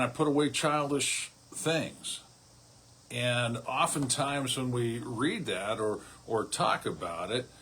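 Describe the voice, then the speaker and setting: A man giving a relaxed devotional as a pastor, speaking conversationally and often restarting or repeating his words. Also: mid-range voice, husky. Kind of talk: casual devotional sermon.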